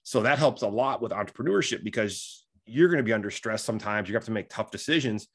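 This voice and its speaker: A man in his forties chatting casually as a podcast guest, an animated storyteller who acts out the voices he quotes. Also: on the low side, fast talker. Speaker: podcast guest, entrepreneur and fighter.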